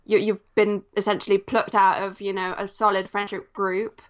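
A woman's voice: mid-range voice, level tone, normal speed, lo-fi sound. A Polish-born woman who speaks with an English accent, a guest on a podcast interview, talking reflectively with many small fillers. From Poland. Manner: reflective, with frequent "kind of" and "um".

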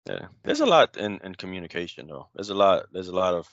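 A man with a lowish, bright, forceful voice talks casually in a loose, reflective ramble, leaning on "you know". The sound is dry and close, a little muffled and lo-fi. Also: big pitch swings, fairly quick, dry recording. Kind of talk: casual conversation.

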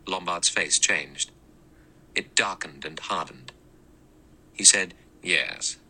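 A man narrating an audiobook in a steady, measured way. His voice is very low yet bright and sharp in tone. The delivery is even and deliberate. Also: a little hiss or hum, low-quality recording. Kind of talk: scripted narration.

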